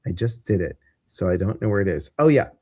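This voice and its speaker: On his casual live stream, the Midwestern American host talks fast and chattily, dropping ums and uhs as he rambles. His deep voice is mellow and slightly rough, with lively intonation, and the recording is dry and clean, studio quality.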